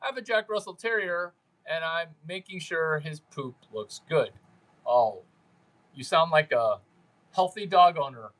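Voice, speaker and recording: A man's voice: a little high, animated, measured pace, fairly bright tone, rough recording. A man hosting a livestream, chatting with viewers in a brash, crude, rambling way and mocking them. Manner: mimics viewers in put-on voices. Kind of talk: unscripted livestream chat with viewers.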